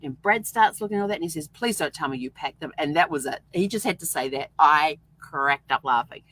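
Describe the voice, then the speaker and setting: A middle-aged woman with a fairly low voice tells a story in a casual, chatty vlog. She laughs often as she talks. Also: lively intonation, a little fast, fairly bright tone, low-quality recording. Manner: chatty, laughs often while telling stories. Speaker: vlog host.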